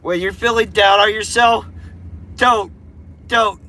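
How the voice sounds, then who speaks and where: A man's voice: high voice, fairly even intonation, slow pace, sharp tone. A man livestreaming, giving viewers an earnest, emotional pep talk full of swearing.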